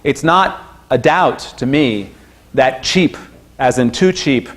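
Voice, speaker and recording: A man giving an informal university lecture, chatty and animated, who breaks into high-pitched exclamations when acting out what people say. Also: slow.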